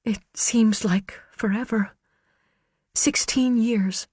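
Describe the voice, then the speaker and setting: A man voicing a frightened, tearful woman witness who speaks in a trembling, hushed voice. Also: high-pitched, steady tone, slow, breathy edge, no echo, studio quality, pitched above the performer's own voice, heavily acted.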